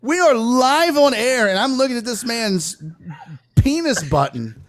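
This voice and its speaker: A man with a high, very lively voice tells a rowdy, profane story. He is a comedian and sports talk host, a guest on a casual podcast chat. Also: unhurried.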